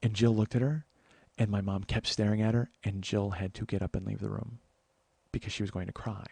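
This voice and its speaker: A man's voice: on the low side, fairly even intonation, a little fast, gravelly, warm tone, husky, dry recording. A man hosting a podcast, telling a personal story in a profane, emphatic way with frequent restarts. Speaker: podcast host.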